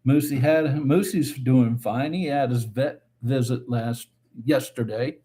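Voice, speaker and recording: A man hosting a casual live stream, reading viewer comments aloud and answering them in a relaxed, chatty way. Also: mid-range voice, measured pace. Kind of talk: casual chat.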